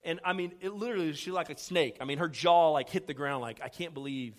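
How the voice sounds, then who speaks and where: A man's voice: on the high side, fast talker. A middle-aged male pastor from Houston, telling a story in a sermon, acting out the dialogue with self-deprecating humor. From Houston, Texas.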